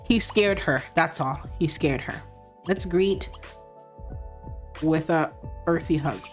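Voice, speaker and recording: A woman's voice: low-pitched, slow, faint music behind. A woman hosting a life-sim let's play, chatting playfully with her viewers as she plays. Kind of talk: casual gameplay commentary.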